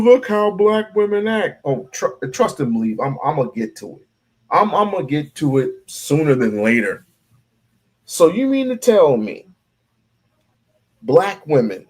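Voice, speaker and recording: A man's voice: a little high, a little mellow. A man giving heated, profane live-stream commentary, ranting and repeating himself.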